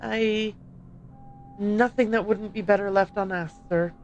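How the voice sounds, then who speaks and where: A woman's voice: mid-range voice, fairly even intonation, measured pace, muffled recording, slight background noise, natural voice. A woman voicing a devout, kindly female cook and housekeeper, speaking politely with a put-on accent she admits is not very good. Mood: reassuring. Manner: polite, deferential, says sir often.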